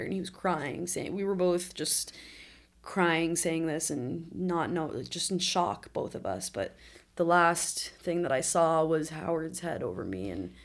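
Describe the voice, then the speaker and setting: Her voice is low and creaky, animated yet measured in pace. She's in her twenties, interviewed on a podcast, and openly recounts a traumatic accident, laughing even at the hardest moments of this emotional personal story.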